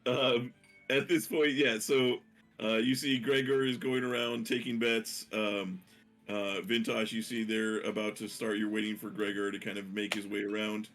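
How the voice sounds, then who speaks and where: A man's voice: fairly low pitch, level tone, normal speed, a bit bright, faint music behind. A man narrating as game master, rambling with many fillers and restarts.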